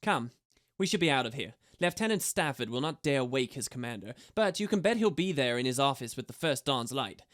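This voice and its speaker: A man's voice: mid-range voice, animated, fairly quick, fairly bright tone, dry recording, clean studio sound, lightly acted. A man doing a sly little male Asura tinkerer. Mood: brisk. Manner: sly, theatrical, commanding.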